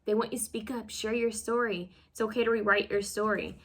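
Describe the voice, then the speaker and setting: Bright-voiced woman giving a rambling card reading. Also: medium pitch, steady tone, a little fast. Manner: rambling, full of fillers and restarts; self-conscious, fumbles over words. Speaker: tarot card reader. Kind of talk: casual pick-a-card reading.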